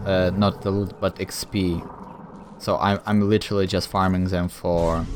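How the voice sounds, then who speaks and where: In casual let's-play commentary, a man with a low voice talks while gaming, meandering and thinking out loud, full of fillers. Slight hiss or hum is audible.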